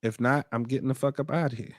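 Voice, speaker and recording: A man hosting a casual live stream who reads viewer comments aloud and jokes in loose, profane banter. His voice sits at an ordinary middle pitch. The sound is close and dry, with no room around it. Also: fairly even intonation, fast, no room sound. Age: adult father. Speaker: podcast host.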